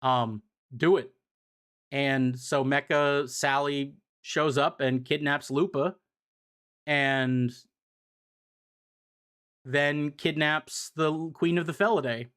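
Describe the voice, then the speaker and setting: A man's voice: fairly high pitch, steady tone, slow pace, pauses often, fairly bright tone, clear, resonant tone. Rambling male streamer recapping comics. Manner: rambling, frequent ums and restarts. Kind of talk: casual recap. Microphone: desk mic on a live stream.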